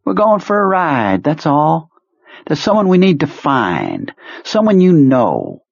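A man voicing a cheerful, quietly menacing male military commander in an audiobook, his voice raised and breezy. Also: a little high, wildly swooping pitch, unhurried, creaky, dry recording, dull audio, pitched above the performer's own voice, heavily acted. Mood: soothing. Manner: breezy, jovial, quietly sinister.

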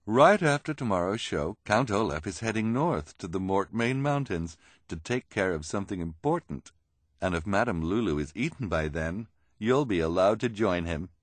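A man voicing a vain, scheming woman villain with a haughty, sharp manner in a storybook reading. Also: sits low, expressive, moderate pace, dry recording.

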